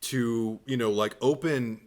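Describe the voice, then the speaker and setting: A man hosting a casual film podcast, animated and swearing freely, acting out scenes as he talks. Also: mid-range voice, slow. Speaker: podcast host. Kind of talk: casual film review chat.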